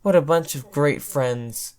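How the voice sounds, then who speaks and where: A man's voice: fairly high pitch, a little slow, darkish tone. A man reading a fanfic story aloud in plain first-person narration. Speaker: fanfic reader.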